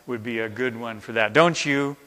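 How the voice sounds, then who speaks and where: A man, a pastor, leads an interactive chapel talk, coaxing listeners in an animated way to act out the story. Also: mid-range voice, moderate pace. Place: large chapel. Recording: reverberant hall sound.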